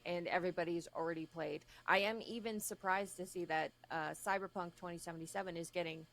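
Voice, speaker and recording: A woman's voice: lowish voice, steady tone, fairly quick, a bit bright. A woman co-hosting a gaming podcast, chatting casually with a wry, sarcastic edge. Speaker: podcast co-host. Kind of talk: casual chat.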